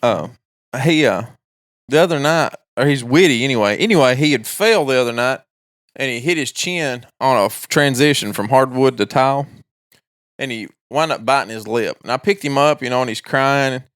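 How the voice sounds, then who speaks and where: A man's voice: medium pitch, moderate pace, fairly bright tone, no room sound, studio quality. A young adult man co-hosting a podcast, telling stories about his three-year-old son in casual chat and laughing at his own anecdotes. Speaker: podcast co-host.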